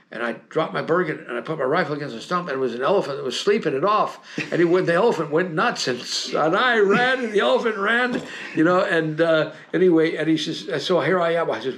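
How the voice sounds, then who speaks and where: A man's voice: a little high, fairly bright tone. Rambling older American man telling war stories. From United States. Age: 70s. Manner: rambling anecdotes with many restarts and fillers; chuckles often while telling stories. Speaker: interview guest. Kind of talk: casual storytelling interview.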